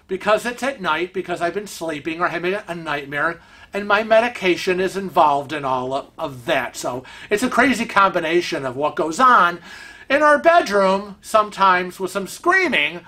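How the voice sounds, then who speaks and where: A man hosting a vlog, telling a story at home in an animated, chatty way. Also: high voice. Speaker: vlog host. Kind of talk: casual storytelling. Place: family room at home.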